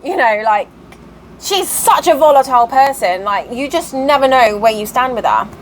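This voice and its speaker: High-voiced woman venting. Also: moderate pace, slight background noise, rough recording. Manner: animated, exasperated, acts out quoted voices. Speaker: cross-stitch vlogger. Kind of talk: casual storytelling monologue.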